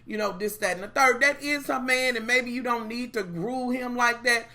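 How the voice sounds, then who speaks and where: A woman's voice: a little high, moderate pace. A woman reviewing a TV show in a casual chat, blunt and profane, talking straight to her viewers. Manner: animated, opinionated.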